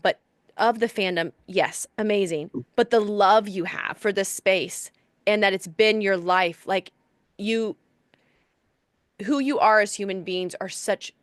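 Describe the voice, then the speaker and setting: A woman's voice: medium pitch, a bit bright, no echo. Effusive woman co-hosting a podcast. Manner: gushing, effusive, lots of "like". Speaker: podcast co-host. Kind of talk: casual chat.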